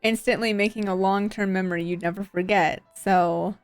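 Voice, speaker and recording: A woman's voice: medium pitch, fairly even intonation, normal speed, faint music behind, lightly acted. A woman voicing a flustered young woman scientist who stammers and gets defensive, reading from a visual novel game. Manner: stammering, defensive, rattles off jargon.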